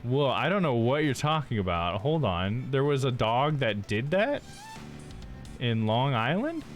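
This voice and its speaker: A man's voice: mid-range voice, big pitch swings, a little slow, soft background music. A male streamer chatting casually while he plays a game, laughing often and calling people "dude".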